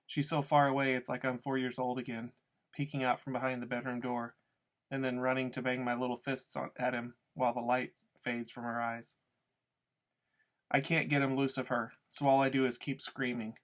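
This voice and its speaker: A man reading a novel chapter aloud in a steady first-person narration. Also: medium pitch. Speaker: audiobook reader.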